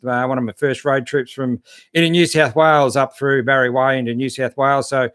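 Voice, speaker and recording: A man's voice: medium pitch, fairly even intonation, fairly quick, a bit bright, clear, resonant tone, no echo, clean studio sound. An Australian man hosting a casual live stream about four-wheel driving, chatting in a laid-back, matey way with lots of fillers as he reads out viewer comments. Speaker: 4WD channel host.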